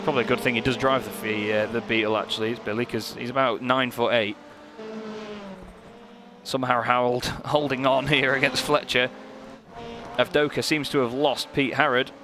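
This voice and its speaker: A young man calls the race in mid pitch, quick with a joke and lifting when the action tightens. Engine noise roars clearly behind his voice. He sounds like a seasoned race commentator. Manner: lively, joking, gets excited at close moments. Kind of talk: sim racing commentary. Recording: commentary over loud race car noise.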